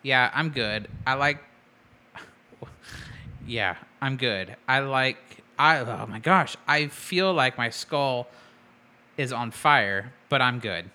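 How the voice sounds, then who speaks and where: A man's voice: mid-range voice, animated, slow, long pauses, sharp tone. A man co-hosting a podcast in casual chat, playful and laughing often. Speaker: podcast co-host.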